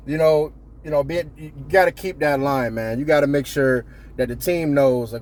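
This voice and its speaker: A man's voice: on the high side, lively intonation, measured pace, long pauses, a little mellow, slight background noise. A man vlogging in a casual, profane monologue with a blunt, joking manner. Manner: joking, blunt, swears a lot, slips into impressions. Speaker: vlogger giving workplace advice.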